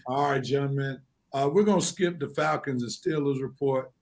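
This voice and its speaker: A man's voice: mid-range voice, normal speed. A man hosting a casual sports talk show, speaking with emphatic, preacher-like delivery. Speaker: show host.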